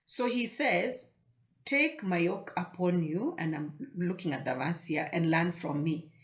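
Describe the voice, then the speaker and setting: A woman's voice: fairly low pitch, a little slow. Woman giving a casual devotional talk. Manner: conversational, repeats words while thinking aloud. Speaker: devotional video host.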